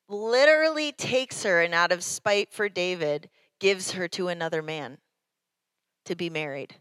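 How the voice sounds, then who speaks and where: A woman pastor preaching in an unhurried, deliberate way, with her pitch in a middle range. She tells the story casually and with animation, as if chatting with the congregation. Her voice is close and dry, with no room echo. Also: fairly bright tone, clean tone. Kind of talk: sermon.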